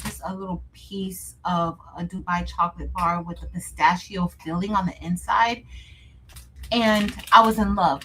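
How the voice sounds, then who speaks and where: A woman's voice: medium pitch, fairly bright tone, slight background noise, low-quality recording. A woman hosting a casual livestream, chatting with her viewers, calling them "y'all" and laughing often. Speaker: livestream host.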